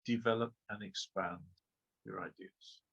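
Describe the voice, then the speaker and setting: A man with a slightly husky voice lectures as an exam trainer. He speaks with emphasis and keeps asking rhetorical questions, checking in with a quick "okay?" as he goes. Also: on the low side, fairly even intonation, fairly bright tone, muffled recording. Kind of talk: webinar lecture.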